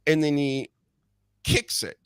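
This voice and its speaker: A man hosting a podcast, ranting in an animated, sarcastic, profane way. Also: on the high side, slow, clean tone, no echo, clean studio sound. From United States. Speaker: podcast host. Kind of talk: casual ranting chat.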